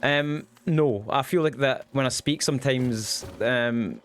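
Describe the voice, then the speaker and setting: A young man chatting casually while streaming a game, goofy and quick, with lots of ums. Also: mid-range voice, a little hiss or hum. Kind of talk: casual livestream chat while gaming.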